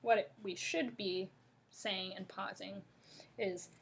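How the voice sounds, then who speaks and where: A woman teaching a pronunciation lesson to a class, speaking deliberately and demonstrating rises and falls in her voice. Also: medium pitch, fairly even intonation, gravelly, a little hiss or hum. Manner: slow, deliberate, demonstrating intonation.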